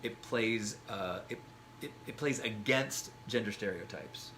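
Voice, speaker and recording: A man in his forties, a guest in a casual chat, talking reflectively with halting restarts. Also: on the low side, fairly bright tone, a little hiss or hum.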